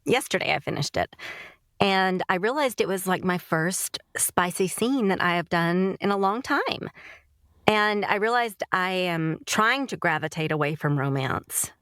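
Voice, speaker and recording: A woman's voice: fairly low pitch, animated, a little slow, a bit bright, dry recording, clean studio sound. A woman who narrates audiobooks, chatting casually as a podcast guest in a loose, rambling way. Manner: chatty, loose, full of "like" and "you know". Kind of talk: casual interview chat.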